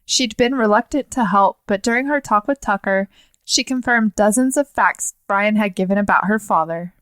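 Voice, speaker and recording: A woman's voice: mid-range voice, moderate pace, clean tone, no room sound. A woman co-hosting a podcast, reading true stories aloud with teasing banter in between. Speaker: podcast co-host. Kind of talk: reading stories, casual chat.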